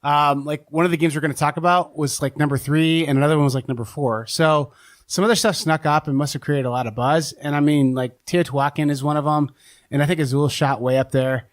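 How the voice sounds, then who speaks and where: A man with a fairly high voice co-hosts a casual podcast chat. He rambles, hedging his points and leaning on "um" and "like" as he goes. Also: fairly even intonation, a little fast. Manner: rambling, full of "um" and "like". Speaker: podcast co-host.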